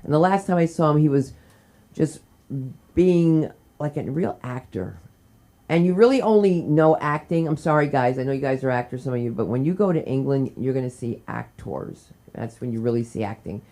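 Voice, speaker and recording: A woman's voice: rumbling low, expressive, moderate pace, dark tone. Chatty woman hosting a comedy open mic. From New Jersey. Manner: chatty, teasing, jumps between jokes. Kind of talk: live comedy hosting with audience banter. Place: small comedy club.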